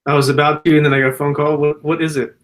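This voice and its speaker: A man's voice: on the high side, flat delivery, racing. A man, a general surgeon, answering viewer questions in a loose, profane, casual way. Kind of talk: casual Q&A chat.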